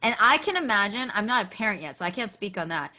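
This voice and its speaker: A woman podcast guest telling a candid personal story, animated and acting out quoted dialogue, with frequent "like" fillers. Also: mid-range voice, quick pace. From United States.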